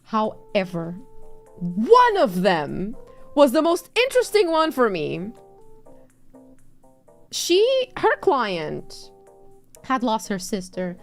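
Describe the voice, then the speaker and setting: A woman streamer retelling a story in casual chat, animated, swearing freely and laughing often. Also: on the high side, slow pace, long pauses, faint music behind. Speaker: VTuber streamer.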